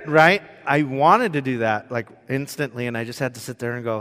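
A male pastor delivering a sermon through personal stories, swinging between loud, animated moments and hushed ones. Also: mid-range voice, brisk, few pauses. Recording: long hall reverb.

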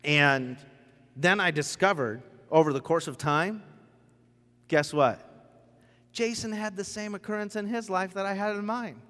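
A man preaching a sermon as a pastor, telling stories with animated acted quotes. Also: high-pitched, a little slow, long pauses, big-room sound.

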